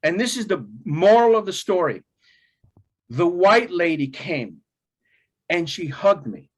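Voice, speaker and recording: A middle-aged man, an actor as an interview guest, telling a story with lots of energy, laughing often and acting out quotes in a much higher voice. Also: lively intonation, a little slow, breathy edge. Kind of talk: animated storytelling in conversation.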